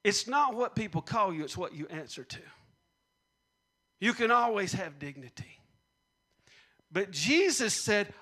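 A man's voice: very high-pitched, animated, normal speed, pushed and bright. A man preaching a sermon, repeating punchlines and leading call-and-response with the congregation. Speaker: pastor.

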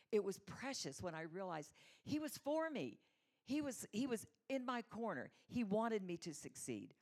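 A woman's voice: medium pitch, big pitch swings, moderate pace, a little mellow. A middle-aged woman giving a conversational, storytelling sermon as a mother, acting out the voices she quotes. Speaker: church speaker, mother.

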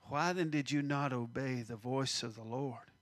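A man's voice: medium pitch, normal speed, a bit bright. A man preaching a sermon, acting out the voices in the scripture and dropping to a near-whisper at times.

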